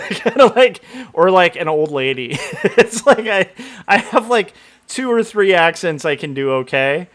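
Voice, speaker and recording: A man's voice: sits high, big pitch swings, a little slow, a bit bright. A middle-aged man from Southern California chatting casually on a livestream, rambling with lots of fillers and laughing at himself. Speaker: comic artist streamer.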